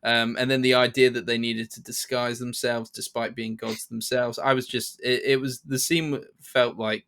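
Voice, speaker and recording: This man's medium-pitched voice stays level at a normal speed, with a fairly bright tone and hardly any pauses. He's co-hosting a podcast and chatting about a film, hesitant and repeatedly restarting amid fillers.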